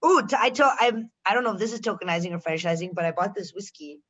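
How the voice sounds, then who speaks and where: A woman from Chicago, a guest on a podcast, chatting casually with animated, swearing asides. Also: mid-range voice, fast talker, dull audio.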